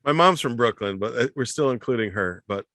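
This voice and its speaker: A lively man co-hosting a comedy podcast, his pitch bouncing all over as he jokes and laughs. His voice is bright and forward, and the recording is dry and close with no room sound. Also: no room sound. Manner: animated, laughs often, puts on quick impressions. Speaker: podcast co-host. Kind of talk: casual comedic chat.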